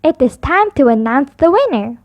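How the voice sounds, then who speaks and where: A woman's voice: high voice, very animated, normal speed, lo-fi sound. A woman reading children's bedtime stories aloud in a sing-song storytelling manner. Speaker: storybook reader.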